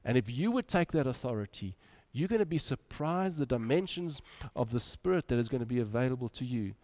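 A man preaching a sermon, moving between loud urging and quiet, soft drops. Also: mid-range voice, lively intonation, fairly quick.

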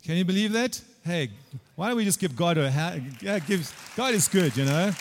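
A man preaching a sermon in a church, telling a personal story with repeated phrases and loud bursts of emphasis. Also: high voice, lively intonation, moderate pace, slight background noise. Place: church hall. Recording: long reverb from a large hall.

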